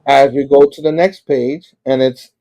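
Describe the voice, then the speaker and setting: A man hosting a casual comic book review, chatty and retelling scenes with quick laughs. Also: mid-range voice, fairly even intonation, warm tone. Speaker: host.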